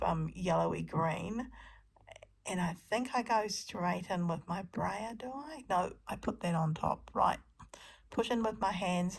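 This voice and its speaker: A woman's voice: on the low side, gravelly. A middle-aged woman narrating her craft session in a chatty, self-deprecating way, full of ums and restarts. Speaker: crafting vlogger. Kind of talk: casual voice-over narration of a craft video.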